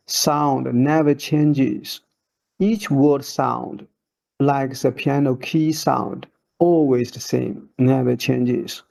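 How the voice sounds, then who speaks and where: Very slow, gravelly-voiced male teacher. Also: medium pitch, warm tone, poor audio. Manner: slow, short broken phrases, drawn-out demonstration syllables. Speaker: Chinese teacher. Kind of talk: slow instructional voice-over.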